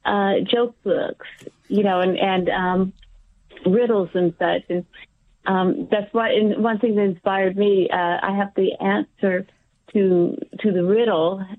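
A woman's voice: mid-range voice, fairly even intonation, slow, no room sound. A woman calling in to a radio show, speaking hesitantly with many fillers. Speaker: caller. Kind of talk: phone-in chat. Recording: dry tinny phone line.

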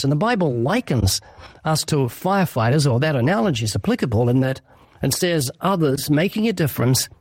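A man preaches in an interview in an earnest, emphatic voice that sits a little high. He acts out quick exchanges to make his point. The recording is dry and close. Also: animated, no room sound. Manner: earnest, emphatic, sermon-like with acted dialogue. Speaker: evangelist guest.

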